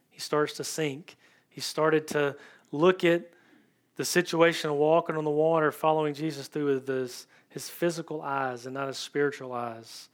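A man with a slightly higher voice preaches to his congregation in a church. He talks in a loose, conversational way, pausing often and filling gaps with ums as he works through his point. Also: fairly even intonation, a bit bright. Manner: conversational, searching, with many ums and pauses. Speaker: pastor. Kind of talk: sermon.

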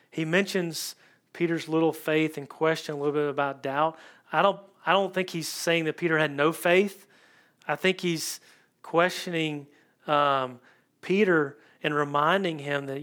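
A man preaching a conversational sermon in church, searching for his words with frequent ums and pauses. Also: fairly high pitch, fairly even intonation, fairly bright tone. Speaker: pastor.

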